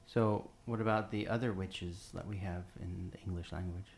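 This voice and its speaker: A man's voice: low-pitched, steady tone, normal speed, vocal fry, darkish tone, slight background noise. A man learning in a casual language lesson, joking and repeating words back. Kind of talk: casual chat.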